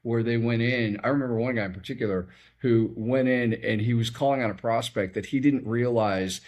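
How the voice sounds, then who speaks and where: A man's voice: mid-range voice, fairly quick, a little mellow. A man hosting an interview, responding thoughtfully and adding his own example. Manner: reflective, builds on the guest's stories with his own example. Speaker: interview host. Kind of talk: casual interview.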